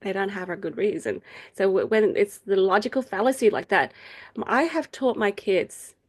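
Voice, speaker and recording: A middle-aged woman leading a faith group meeting over a video call, explaining ideas in a casual, chatty way, laughing often and acting out quoted people in a higher voice. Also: lively intonation, moderate pace. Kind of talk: casual teaching talk.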